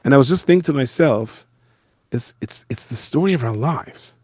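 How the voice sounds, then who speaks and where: A man, a rabbi, giving a storytelling lecture from his office in a school, telling stories in an animated way. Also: medium pitch, moderate pace, breathy edge, no echo. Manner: animated storyteller who acts out the people he quotes.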